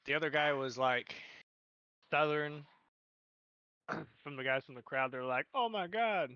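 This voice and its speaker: Bright-voiced man laughing through a recap. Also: mid-range voice, flat delivery, measured pace, clear, resonant tone, no room sound, highs cut off. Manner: laughing, profane, acting out quotes. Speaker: podcast co-host. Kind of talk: casual movie recap chat.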